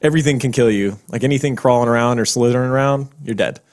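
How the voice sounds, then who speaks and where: A man's voice: medium pitch, fast talker. A man co-hosting a true crime podcast in a loose casual chat, rambling, swearing and laughing, sometimes slipping into a put-on Australian accent. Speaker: podcast co-host.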